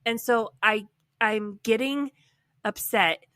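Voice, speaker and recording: Woman podcast host, animated storyteller, bright and a touch high, dry close sound. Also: takes it slowly, no room sound. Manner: animated, heavy use of "like". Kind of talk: casual storytelling chat.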